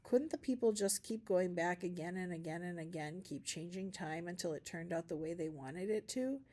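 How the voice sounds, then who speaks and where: A woman reading a novel aloud for a school class, narrating calmly with small shifts of voice for the characters. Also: fairly low pitch, moderate pace. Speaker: reader.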